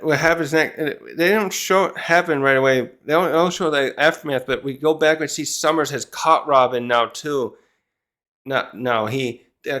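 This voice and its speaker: A man's voice: medium pitch, a bit bright. A man hosting his own channel, recapping and reacting to a comic chapter in casual commentary, thinking aloud as he goes. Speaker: manga chapter reviewer, channel host.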